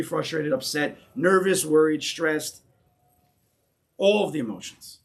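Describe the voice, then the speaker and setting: Emphatic man teaching a Torah class. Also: fairly high pitch. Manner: emphatic, repeats key phrases with rising intensity; mixes Hebrew terms into English.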